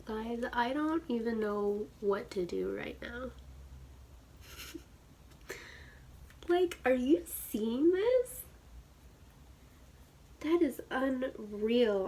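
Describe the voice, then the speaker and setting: Woman in her thirties, beauty vlogger, gushing, squealing, whispered asides, unhurried, faint background hiss. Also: on the high side, vocal fry, a little mellow. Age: 30s. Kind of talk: excited unboxing chat.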